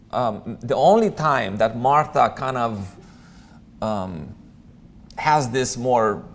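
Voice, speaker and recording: Casual, chatty male Bible teacher. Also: medium pitch. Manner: conversational, many ums, chatty asides. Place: church room.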